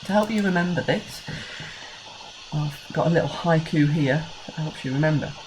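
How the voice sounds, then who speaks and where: A woman teacher with an English accent, talking young pupils through a recorded lesson and counting out syllables slowly and clearly. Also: sits low, background noise. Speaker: primary school teacher.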